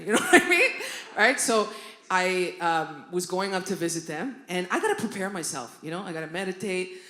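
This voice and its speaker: A woman comedian from Canada performing a stand-up routine on a club stage, animated, with loud outbursts and constant asides to the crowd. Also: lowish voice, normal speed. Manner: animated, loud outbursts, constant "right?" and "you know what I mean?". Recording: roomy live club recording with noise.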